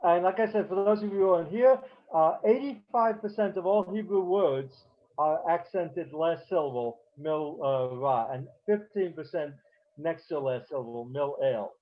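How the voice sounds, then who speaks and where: A man teaching a beginner class over a video call, talking haltingly with many fillers and restarts. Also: fairly high pitch. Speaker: Hebrew teacher. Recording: dull lo-fi call audio.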